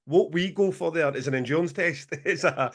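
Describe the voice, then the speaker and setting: A man's voice: a little high, moderate pace. Man telling a swear-laden story. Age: 40s. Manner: swears freely, animated storytelling with laughs. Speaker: podcast co-host. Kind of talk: casual chat.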